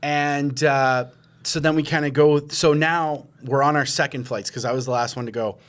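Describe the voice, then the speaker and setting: A man's voice: a little high, fairly even intonation, moderate pace, fairly bright tone. A man hosting a podcast, telling a long story in casual chat, rambling with lots of fillers and acting out his own quoted reactions. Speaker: podcast host.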